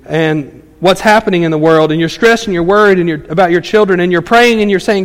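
A man's voice: high-pitched, fairly quick, big-room sound. A man preaching a Sunday sermon in a church, conversational and folksy, with frequent fillers and restarts. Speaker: pastor. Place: church sanctuary.

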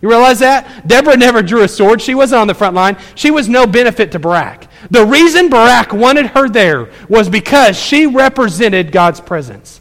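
A man preaching a sermon as pastor, animated, acting out people's replies in quick asides. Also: high voice, in a large hall.

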